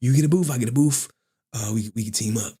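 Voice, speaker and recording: A man's voice: mid-range voice, fast talker, warm tone, slightly rough. A man hosting casual online commentary, talking in a slangy, profane, mocking way.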